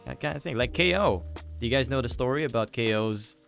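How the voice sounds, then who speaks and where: A man hosting a podcast, retelling a story in a relaxed, rambling way with restarts. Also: mid-range voice, fairly quick, creaky, faint music behind. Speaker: podcast host. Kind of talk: casual podcast chat.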